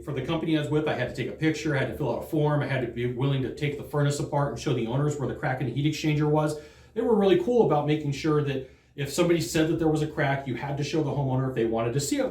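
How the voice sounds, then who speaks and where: Male sales trainer with a slightly high voice, earnest and casual, prone to restarts, recorded in a roomy space. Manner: earnest, conversational, repeats words when restarting. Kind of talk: direct-to-camera training talk.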